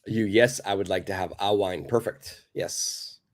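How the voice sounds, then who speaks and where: A man's voice: deep voice, fairly even intonation, measured pace. A man teaching a live online English lesson, patiently reading out viewers' answers, praising them and explaining simple phrases.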